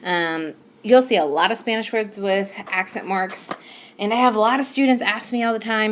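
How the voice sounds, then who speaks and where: A woman's voice: medium pitch, normal speed, slight background noise. A woman teacher explaining a recorded whiteboard lesson patiently, with some fillers. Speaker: Spanish teacher. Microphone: tablet microphone.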